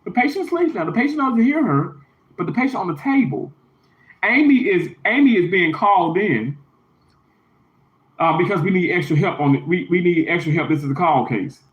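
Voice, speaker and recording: Man with a high voice, emphatic and indignant, in a casual livestream rant; roomy, slightly muffled audio. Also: lively intonation, moderate pace. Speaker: livestreamer, hospital worker. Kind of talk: casual live stream rant.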